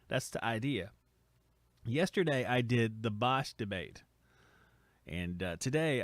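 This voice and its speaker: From a home studio, a man runs a casual livestream in a medium-pitched voice, picking out chat messages to read aloud. He pokes fun at the commenters in a loose, joking ramble, and the audio has no room sound.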